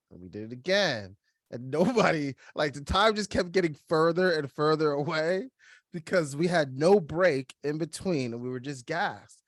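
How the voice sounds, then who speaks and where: A young man co-hosting a podcast, telling a personal story in casual chat, lively and laughing, acting out the voices of others. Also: on the high side, normal speed, no echo, studio quality. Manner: animated, acts out quoted voices, laughs while telling. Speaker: podcast co-host.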